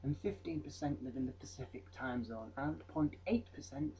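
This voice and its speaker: A man's voice: mid-range voice, lively intonation, normal speed, warm tone, a little hiss or hum, poor audio. A young man presenting trivia in a rambling, jokey vlog with mock-voice asides. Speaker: vlogger. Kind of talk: comedic fact vlog.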